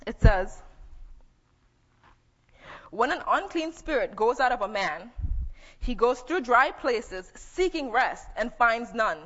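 A woman's voice: on the high side, expressive, slow pace, pauses often, fairly bright tone. A woman preaching a sermon, teaching conversationally and reading scripture aloud. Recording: dull echoey hall.

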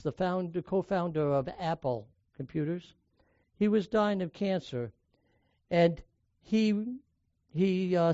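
A man's voice: high voice, darkish tone, no room sound, lo-fi sound. An older man from the United States preaching a sermon, telling personal stories in a conversational way and raising and dropping his volume for emphasis.

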